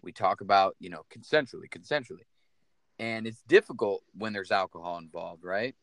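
A man's voice: low-pitched, animated, fairly quick, a bit bright, no room sound. A man hosting a casual podcast, asking loose, joking questions of his guest. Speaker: podcast host.

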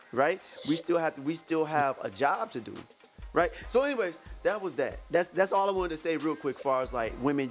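A man hosting a casual faith podcast, talking in an animated, rambling way with many restarts and frequent laughs. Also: mid-range voice. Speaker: podcast host.

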